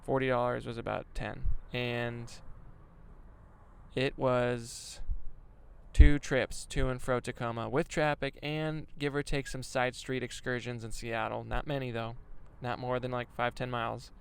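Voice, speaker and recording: A man's voice: mid-range voice, little pitch movement, a little slow, vocal fry, clean tone. A young man, a stand-up comedian, chatting casually and rambling with self-deprecating jokes and swearing while he drives a van. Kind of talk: casual vlog chat while driving. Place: inside a moving van.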